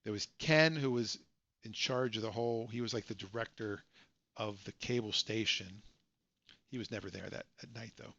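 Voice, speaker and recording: A man's voice: lowish voice, fairly even intonation, moderate pace, gravelly, fairly bright tone, highs cut off. A man hosting a casual live stream, telling rambling stories and correcting himself as he goes, from a home setup. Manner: rambling, self-correcting storyteller.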